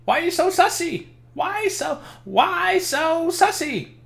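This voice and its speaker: A man doing a high, squeaky impression of a nagging accuser who keeps calling someone suspicious. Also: very animated, slow, creaky, fairly bright tone, full character voice. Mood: accusing. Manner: shrill, repetitive mock accusation.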